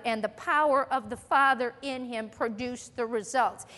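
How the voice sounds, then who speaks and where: Preacher woman, high and emphatic, lesson heard with long hall reverb. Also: fairly bright tone. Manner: earnest and emphatic, quoting scripture. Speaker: Bible teacher. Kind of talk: sermon.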